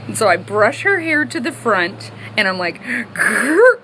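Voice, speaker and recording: A woman telling a funny story in a lively way, acting out the voices in it. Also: medium pitch, normal speed, slight background noise, rough recording. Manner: animated, acts out voices. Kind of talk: casual storytime.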